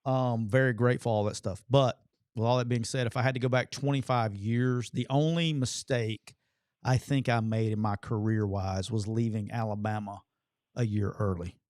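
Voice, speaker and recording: Reflective ex-coach guy co-hosting radio, pauses a lot, dry studio sound. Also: medium pitch, steady tone, darkish tone, no echo. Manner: earnest and reflective, with pauses and fillers. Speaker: co-host and former college football coach. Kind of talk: casual radio call-in chat.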